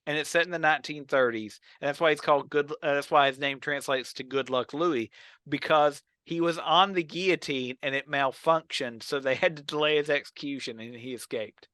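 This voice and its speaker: A man with a bright, forceful, somewhat high voice chats casually on a podcast, retelling old television scenes with lively energy. The sound is close and dry. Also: a little fast, smooth, no room sound. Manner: animated storyteller, acts out quotes. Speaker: podcast co-host. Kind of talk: casual chat about old films and TV.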